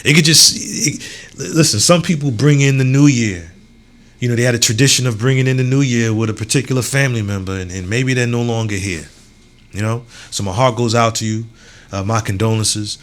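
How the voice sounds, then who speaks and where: A young adult man hosts his own podcast in a loose, unscripted solo monologue. His voice sits in an ordinary middle range. He swears freely and keeps checking in with the listener, moving from heated venting to warm encouragement. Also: medium pitch, a little fast. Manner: loose and conversational, repeats "you know what I'm saying". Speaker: podcast host.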